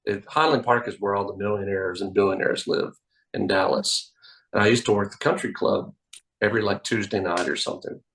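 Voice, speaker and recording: A man, a magician guest telling animated anecdotes on a podcast. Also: lowish voice, a little fast, gravelly, low-quality recording. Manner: animated anecdotes, acts out quoted voices. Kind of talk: casual interview storytelling. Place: podcast studio.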